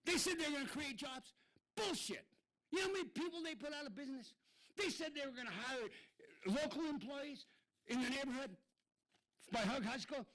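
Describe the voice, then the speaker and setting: A man's voice: very high-pitched, animated, moderate pace, pauses often, fairly bright tone, rough recording. An irate man giving a blunt, swearing public comment at a city council meeting.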